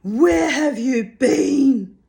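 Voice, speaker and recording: A woman voicing a weary, bitter woman in a storybook reading, shrill and scolding, her voice cracking. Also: level tone, measured pace, darkish tone, close to an everyday voice.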